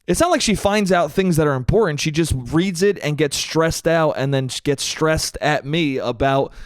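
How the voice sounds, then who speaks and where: A man talks to himself on his podcast, spinning a rambling comic anecdote and laughing at his own lines. His voice sits a little high for a man, and the recording is dry and close with no room sound. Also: moderate pace, dry recording. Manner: rambling, laughs at own stories, says "dude" a lot. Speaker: podcast host. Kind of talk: solo comedic storytelling.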